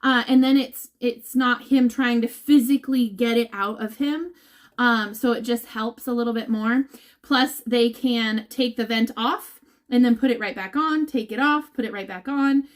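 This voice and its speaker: A woman's voice: fairly high pitch, moderate pace. A woman giving a casual update to her followers, emotional and laughing, now and then near tears. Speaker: vlogger updating viewers.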